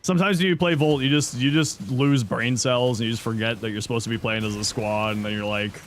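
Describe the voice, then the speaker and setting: A man's voice: on the low side, flat delivery, fairly quick, a little hiss or hum. A man in his thirties casually chatting on a game stream, answering chat with loose jokes and mild swearing. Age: 30s.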